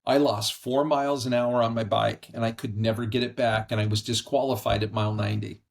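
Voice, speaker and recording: A middle-aged man tells a personal story as a podcast guest, earnest and animated. His voice sits at an ordinary middle pitch. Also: a little fast, vocal fry. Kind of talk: conversational storytelling. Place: brother-in-law's house.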